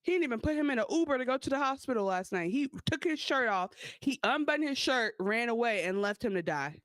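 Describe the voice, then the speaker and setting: A woman's voice: on the high side, lively intonation, fast, fairly bright tone, no room sound. A woman co-hosting a podcast, blunt and joking as she reacts to the episode. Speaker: podcast co-host. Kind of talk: casual recap chat.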